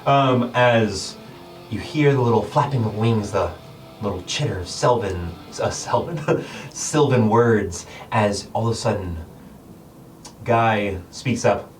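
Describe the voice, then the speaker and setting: A man's voice: on the low side, unhurried, long pauses, slight background noise. A man narrating as game master of a tabletop game, describing the action with many fillers and small laughs. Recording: distant mic with background music.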